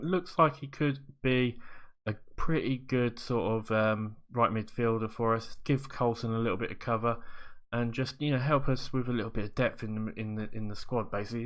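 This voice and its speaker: A man's voice: mid-range voice, a bit bright. A man giving casual commentary over a football management game, rambling and correcting himself as he goes. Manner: rambling, self-correcting, upbeat. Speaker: video game streamer.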